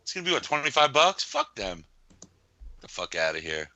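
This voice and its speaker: Bright, animated man swearing freely. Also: mid-range voice, normal speed, no echo, dull audio. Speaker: podcast co-host. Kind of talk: casual chat.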